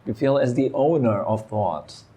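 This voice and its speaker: A man giving a meditation talk, calm and reflective, speaking in short phrases with pauses. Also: medium pitch, slightly rough. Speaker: meditation teacher. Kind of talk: dharma talk. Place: meditation hall.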